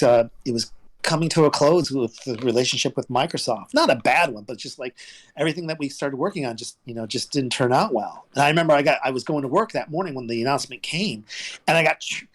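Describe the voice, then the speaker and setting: A former toy developer, appearing as a guest in a casual interview, tells fast, rambling, animated stories about his work developing products. He restarts sentences often and his pitch jumps sharply whenever he quotes other people.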